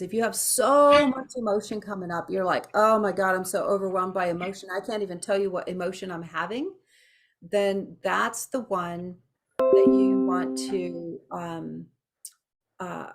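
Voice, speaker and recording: Chatty woman teaching a healing class. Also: mid-range voice. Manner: chatty, animated storytelling with asides. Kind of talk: casual teaching to a small class.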